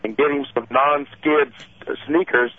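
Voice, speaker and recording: A man calling a radio show, gruff and mocking. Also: medium pitch, fairly even intonation, moderate pace, no room sound. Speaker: caller. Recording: phone-line radio call with faint music.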